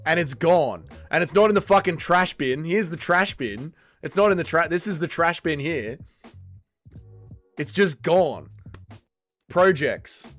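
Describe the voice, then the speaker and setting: Male streamer, slightly high voice, swears a lot while reading chat, faint music behind. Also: expressive, a little slow, fairly bright tone. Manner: profane, exasperated, banters with chat. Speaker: livestream host reading chat. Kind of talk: casual livestream chat.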